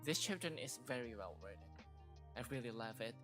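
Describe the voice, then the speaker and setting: A man streaming a game, chatting casually and excitedly, repeating himself with lots of fillers. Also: mid-range voice, fairly quick, soft background music.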